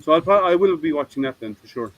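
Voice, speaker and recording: A man's voice: fairly high pitch, lively intonation, quick pace, dry recording, lo-fi sound. A man hosting a casual livestream hangout from home, rambling and thinking aloud with plenty of ums, talking over an online call mic. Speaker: livestream host.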